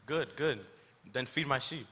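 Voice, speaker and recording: A man plays Jesus as a calm, patient teacher with a gentle way of speaking. His pitch sits in a middle range. The voice echoes through a large, reverberant school hall. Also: measured pace, breathy edge. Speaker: student actor in a school skit. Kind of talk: stage skit acting. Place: school auditorium.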